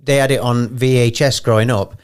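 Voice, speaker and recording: A man's voice: mid-range voice, steady tone, brisk, clean tone. A man with an English accent hosting a podcast in casual chat, wry and rambling, feeling poorly and emotional. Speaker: podcast host.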